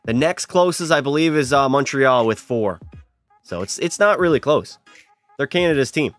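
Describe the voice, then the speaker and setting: A man's voice: mid-range voice, expressive, moderate pace, fairly bright tone, no echo, faint music behind. A young man live-streaming a hockey video game, chatting and teasing his viewers as he plays. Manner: chatty, teasing, banters with chat.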